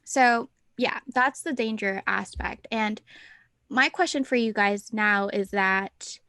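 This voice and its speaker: A woman's voice: medium pitch, takes it slowly, no echo. A woman co-hosting a podcast, chatting casually and thinking aloud as she talks. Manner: talkative, animated, thinks aloud. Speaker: podcast co-host. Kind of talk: casual chat.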